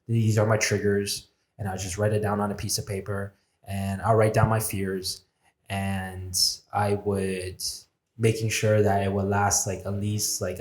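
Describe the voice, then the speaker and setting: A man with a lowish voice speaks candidly and reflectively, swearing freely as he tells a personal story. He acts out the voices in his own head. The sound has a roomy echo. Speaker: podcast guest.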